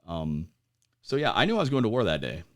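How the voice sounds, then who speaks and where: A man in his forties, an American military veteran, telling his story as a podcast guest in a halting way, with lots of fillers and wry laughs. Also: on the low side, sing-song, a bit bright. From United States. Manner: halting, many fillers, laughs at grim moments. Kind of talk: conversational interview storytelling.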